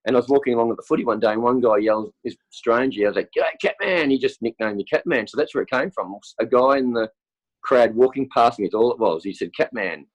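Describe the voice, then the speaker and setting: Fast-talking Australian man with a cold. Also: mid-range voice, poor audio. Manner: rambling, chatty storytelling with many fillers. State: has a cold, clears throat. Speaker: interview guest, football superfan. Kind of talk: casual chat.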